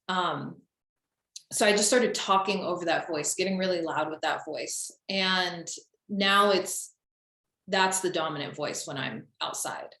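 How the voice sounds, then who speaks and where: A woman's voice: fairly low pitch, measured pace, fairly bright tone. A young woman coaching listeners on confidence in a casual, chatty way, full of "um" and "like.". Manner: chatty, lots of fillers like "um" and "like". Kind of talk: casual spoken teaching. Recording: echoey room.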